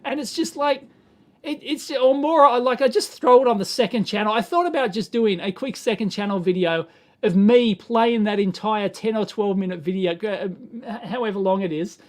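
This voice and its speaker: A man's voice: sits high, normal speed. A middle-aged Australian man hosting a casual electronics livestream, rambling and exasperated, chuckling as he answers the chat.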